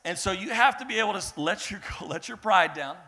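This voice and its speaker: A man preaching a sermon in a lively way, acting out the people in his story and swinging between loud bursts and hushed lines. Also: high-pitched, a little fast, husky. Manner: animated, acts out voices of biblical figures, swings between loud and hushed. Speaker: pastor.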